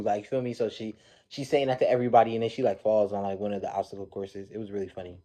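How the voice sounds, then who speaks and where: A man with a low, mellow voice tells the story of a reality show episode in a loose, slangy style. He talks with energy and acts out the people he quotes. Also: little pitch movement, fast talker. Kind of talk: casual recap commentary.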